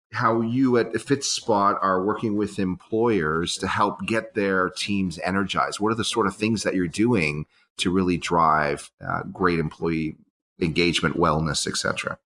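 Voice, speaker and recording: Deep-voiced man, podcast co-host. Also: unhurried, bright, forceful tone. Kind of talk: casual interview.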